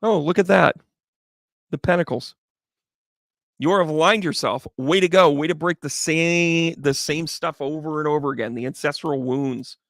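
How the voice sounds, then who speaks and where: A man's voice: fairly high pitch, normal speed, a bit bright, no room sound, studio quality. A man giving a chatty, upbeat live tarot reading, talking straight to viewers by name. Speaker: tarot reader.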